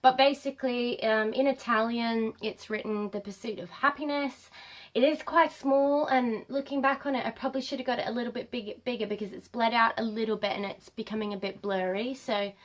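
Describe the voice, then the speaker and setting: Young woman vlogger, slightly high voice, chatty and rambling, filler-heavy, camera mic at home. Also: steady tone, normal speed. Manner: chatty, rambling, many ums. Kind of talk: casual talk to camera.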